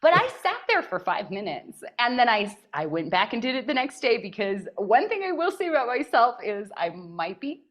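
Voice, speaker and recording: Expressive woman with a lively voice. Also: a little high, moderate pace, hardly any pauses. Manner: expressive, laughs often while telling. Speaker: podcast guest. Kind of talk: personal storytelling in conversation.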